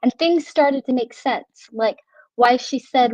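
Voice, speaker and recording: A young woman with a slightly high voice tells a rambling story, stacking "like" and laughing at herself. Her voice comes through a dull, dry home mic. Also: a little slow, no echo. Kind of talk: casual storytelling.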